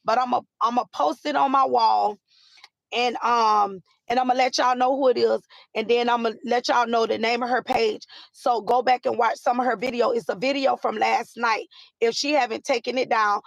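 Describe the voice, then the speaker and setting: A woman hosting a casual live chat with viewers, animated and repetitive, with many fillers. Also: a little high, moderate pace, vocal fry, dry recording, lo-fi sound. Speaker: live stream host.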